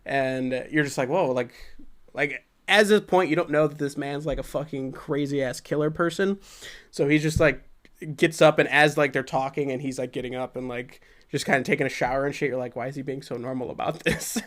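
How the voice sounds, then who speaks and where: Speaking fairly quickly at medium pitch, a young podcast co-host reviews a film in loose, profane conversation. He gets excited and energetically performs the scenes himself.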